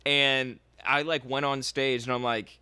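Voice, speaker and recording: A man's voice: mid-range voice, flat delivery, a little slow, bright, forceful tone, clean tone, no room sound. A man co-hosting a comedy podcast, telling a rambling story in casual chat.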